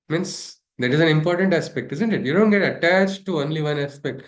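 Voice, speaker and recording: A man leads a spiritual class, his voice sitting somewhat high. He talks in a loose, discursive way and keeps checking in with rhetorical questions. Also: expressive, a little fast, hardly any pauses. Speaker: spiritual teacher. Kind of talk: teaching a scripture class.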